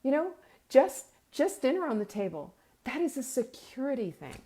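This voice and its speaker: A woman's voice: high voice, very animated, moderate pace, dark tone. Middle-aged woman host, earnest preachy pep talk, kinda teary, urging. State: tearful. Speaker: meal-planning host. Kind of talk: heartfelt live pep talk.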